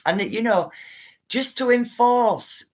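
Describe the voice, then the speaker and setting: Chatty and rambling, a woman on a casual livestream reads viewers' comments aloud and addresses them as guys and love. She speaks slowly in a fairly high, darkish voice with lively intonation.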